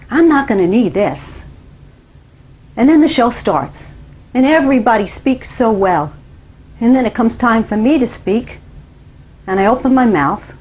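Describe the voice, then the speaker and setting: Husky-voiced woman telling a dramatic story. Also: on the high side, darkish tone. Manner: dramatic, deliberate first-person storytelling in the present tense. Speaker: author. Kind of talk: personal storytelling monologue.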